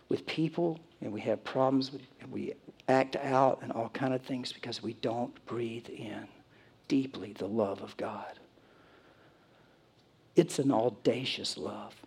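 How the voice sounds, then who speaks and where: A man preaching a sermon as pastor, earnest, moving from hushed, near-whispered lines to emphatic high calls. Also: creaky, breathy edge.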